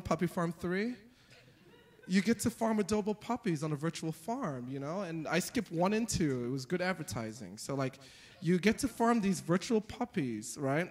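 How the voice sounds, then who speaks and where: A young man performing a stand-up comedy set, telling stories with animated delivery and jumping into high squeaky voices for the characters. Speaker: stand-up comic.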